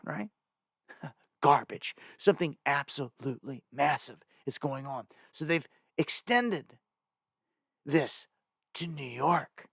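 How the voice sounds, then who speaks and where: A man's voice: fairly high pitch, a bit bright, no room sound, clean studio sound. A man hosting a live news stream, talking urgently and emphatically straight at his viewers and reading lists of places off the screen. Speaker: live news show host.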